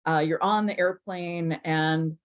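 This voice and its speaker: A woman moderating a casual online panel discussion, easygoing and relaxed. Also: on the low side, takes it slowly.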